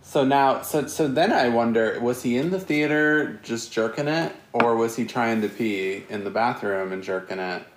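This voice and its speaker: On a podcast he hosts, a man with a mid-range voice chats casually and teases his guest, quick to reach for crude punchlines. The recording has a roomy echo and slight background noise.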